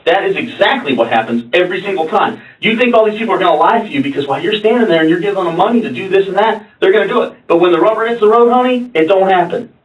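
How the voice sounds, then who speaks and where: A man's voice: high voice, lively intonation, racing, hardly any pauses. A male police detective interrogating a suspect in a blunt, confrontational, lecturing manner. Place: interrogation room. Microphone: room camera from afar. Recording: muffled echoey room from far off.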